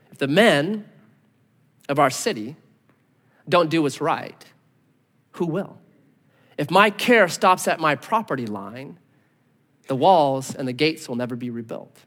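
A man in his thirties preaching a sermon, telling a story with lively voices, then dropping to quiet, earnest tones. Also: a little high. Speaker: pastor. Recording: long hall reverb.

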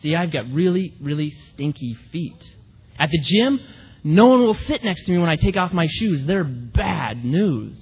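A man's voice: on the high side, lively intonation, normal speed, slightly rough, highs cut off. A man doing a nervous young groom. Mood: worried. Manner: worried, hesitant.

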